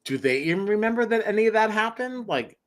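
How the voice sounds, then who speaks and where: A man's voice: high-pitched, expressive, fast talker, a bit bright. A man co-hosting a reality TV podcast in casual chat. He rambles through lots of fillers and likes to tease his co-hosts. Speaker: podcast co-host.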